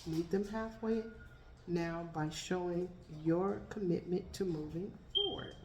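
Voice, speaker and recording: A woman with a lowish voice, speaking a little slowly, gives a casual tarot reading and chats to her pets between cards. The room is echoey, with faint background noise.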